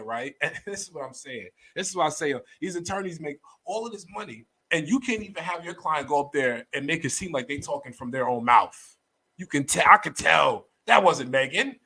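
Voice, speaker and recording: A man hosting a livestream, ranting bluntly about a news story with profanity and repeated phrases, swinging between low muttering and loud outbursts. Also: slightly rough, rough recording. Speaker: livestream host. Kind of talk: opinionated commentary on a news story.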